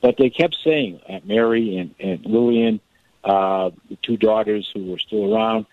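A man, a guest author, telling a family story in a radio interview, animated and often repeating words as he goes. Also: on the low side, a little slow, dry recording. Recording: tinny phone line.

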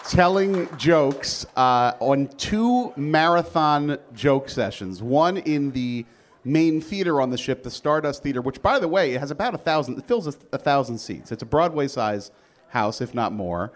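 A man's voice: medium pitch, lively intonation, a little slow, a faint crowd. A man hosting a live podcast taping, talking in a rambling, playfully teasing way. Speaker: host.

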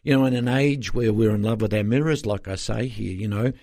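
A man's voice: fairly low pitch, a little fast, warm tone, no echo. Older man, pastor, earnest and rambling, dry close sound. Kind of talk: interview guest storytelling.

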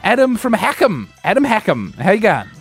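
A man's voice: high-pitched, wildly swooping pitch, brisk, faint music behind. A young Australian man co-hosting breakfast radio, hamming it up like a game-show announcer in a sing-song voice. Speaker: radio co-host. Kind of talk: playful breakfast radio banter.

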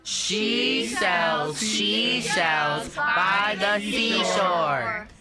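An actress playing a reluctant schoolchild in an audio drama, reciting in a flat drawl. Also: female voice, medium pitch, very slow, over loud music.

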